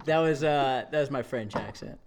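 A man's voice: mid-range voice, normal speed, gravelly, background noise. A man co-hosting a casual podcast, playful and often laughing through his lines. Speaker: podcast co-host. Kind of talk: casual chat.

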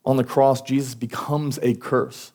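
A man's voice: mid-range voice, little pitch movement, measured pace, a little mellow. Casual young male preacher. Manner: casual, conversational preaching with acted-out quotes. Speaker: pastor. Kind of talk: sermon.

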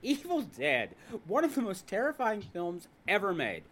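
A male podcast host in casual chat, ranting and joking as he tells a story. His voice sits a little high and swings widely in pitch, rising and dropping sharply for comic effect. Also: normal speed. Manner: animated, ranting, jokey storyteller.

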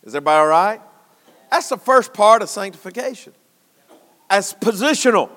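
A man preaching a sermon in a church, folksy, at times shouting and at times dropping low. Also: lively intonation, fairly quick, long reverb tail.

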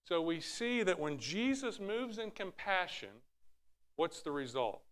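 Animated man preaching a sermon. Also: high voice, measured pace. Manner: animated preaching, acts out Bible quotes in raised voices. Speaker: pastor.

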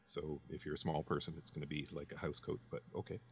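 A man with a very low voice co-hosting a loose, casual chat. He rambles with plenty of ums and false starts as he tells a joke. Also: level tone, fast, a little hiss or hum. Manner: rambling with many ums and restarts; joke-telling. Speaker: podcast co-host.

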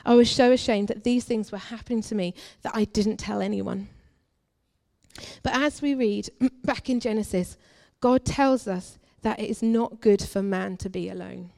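A young adult woman, a guest preacher at a church, giving an earnest, confessional testimony that moves between forceful and hushed. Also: mid-range voice, normal speed, gravelly. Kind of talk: personal testimony sermon.

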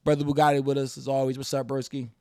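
A young man hosting a casual podcast, telling stories in an animated, profane, joking way. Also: medium pitch, quick pace, clean tone, no room sound, clean studio sound. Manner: animated, profane, jokey storytelling. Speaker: podcast host.

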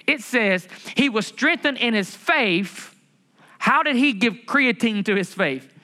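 Bright-voiced pastor preaching lively. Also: male voice, very high-pitched, a little slow. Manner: lively, conversational preaching with humor and rhetorical questions. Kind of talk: sermon. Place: church building.

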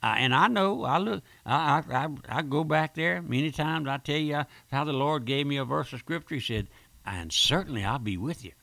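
A man's voice: on the high side, normal speed, gravelly, few pauses, a bit bright, no room sound. A male pastor preaching a fervent radio sermon with rhetorical questions and repeated phrases.

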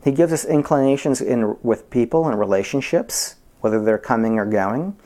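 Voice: expressive, normal speed. A pastor preaching a sermon, asking the congregation rhetorical questions, repeating key words for emphasis and explaining word definitions. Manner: repeats key words for emphasis, dropping to soft low tones and rising high.

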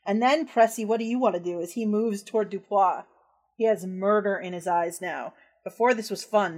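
A woman's voice: mid-range voice, normal speed, darkish tone. A woman narrating as game master of a tabletop horror game, casual and descriptive, with frequent fillers.

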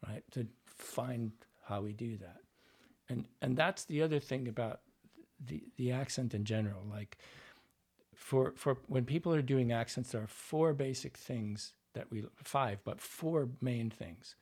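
Husky-voiced male dialect coach explaining. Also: mid-range voice, unhurried, a little mellow. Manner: explanatory, demonstrates lines and sounds. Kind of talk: interview explanation.

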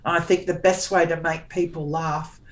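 A woman's voice: low-pitched, steady tone, normal speed, poor audio. A woman in her forties, a guest author, chatting candidly in an interview in a forthright, sarcastic way, often restarting her sentences.

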